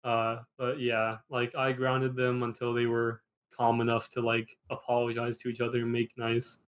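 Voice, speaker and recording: A young man hosting a podcast, telling a story in a rambling casual way, filling every pause with "like". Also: mid-range voice. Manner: rambling, peppered with "like", animated retelling. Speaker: podcast host.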